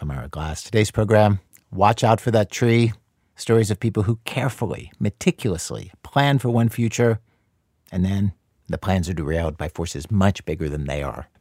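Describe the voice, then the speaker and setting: A man's voice: lowish voice, a little mellow, no room sound. A man hosting a public radio story program, in scripted narration with a conversational, dry delivery. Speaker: radio show host.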